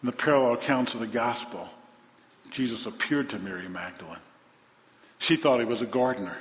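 Male preacher, animated storyteller, loud peaks and hushed drops; dull recording in a big reverberant hall. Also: fairly quick. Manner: dynamic preaching, rising to loud emphasis then dropping low and soft; storytelling with humor. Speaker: pastor. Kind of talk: sermon.

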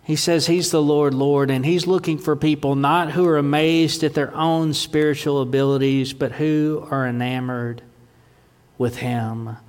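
A man preaches in a church sanctuary, his fairly high voice carried by a long hall reverb. He moves between ringing proclamation and hushed, near-whispered lines. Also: steady tone, a little slow. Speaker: pastor. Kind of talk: sermon.

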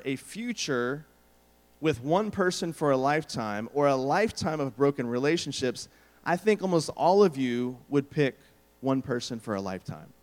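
A middle-aged man preaching a sermon, telling stories and acting out the quotes. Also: fairly high pitch. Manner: storytelling, animated, acts out quotes. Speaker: pastor. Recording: long hall reverb.

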